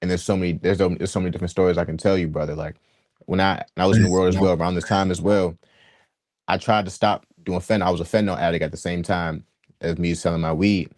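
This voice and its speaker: A man's voice: sits low, steady tone, quick pace, a little mellow, dry recording, clean studio sound. A young man from Washington, D.C., earnestly telling a personal story in casual slang, with frequent restarts. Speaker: guest sharing his testimony.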